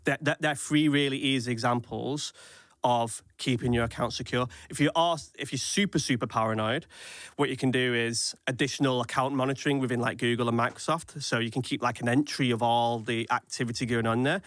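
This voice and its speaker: A man on a casual podcast, explaining security steps in quick practical lists. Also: medium pitch, fairly even intonation, a bit bright, no room sound, clean studio sound. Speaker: cyber security expert guest.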